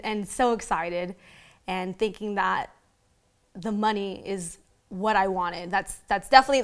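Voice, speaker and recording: Candid young woman, halting and heartfelt. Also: medium pitch. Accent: Southern Californian. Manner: halting, many restarts and fillers. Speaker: interview guest, retired boxer. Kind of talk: emotional sit-down interview.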